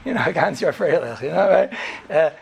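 A man with teaching a class as a rabbi, telling stories in a lively way and often asking "right?". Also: on the high side, moderate pace, creaky, background noise. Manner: animated, acts out characters, frequent "right?" and "you know". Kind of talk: storytelling Torah class.

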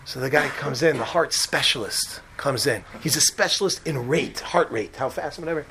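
A man telling a comic personal story in an animated way, acting out the other people in it. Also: medium pitch, moderate pace, few pauses, slight background noise.

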